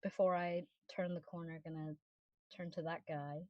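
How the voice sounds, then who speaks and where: A woman's voice: on the low side, little pitch movement, normal speed, no room sound, dull audio. A woman playing her character in a tabletop game, playful as she describes her actions. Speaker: player. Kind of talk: tabletop role-play.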